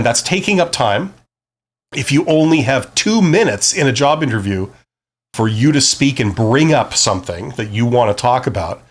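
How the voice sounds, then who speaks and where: Guy on a live stream giving job interview advice, lively up and down voice, keeps asking "right?". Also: on the high side. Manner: conversational, explanatory, frequent "right?" check-ins. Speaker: career advice host.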